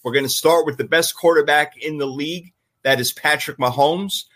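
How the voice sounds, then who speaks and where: A man's voice: on the high side, normal speed, pushed and bright, a little hiss or hum. A man hosting a casual sports talk show, joking around and running a guessing game with his co-hosts.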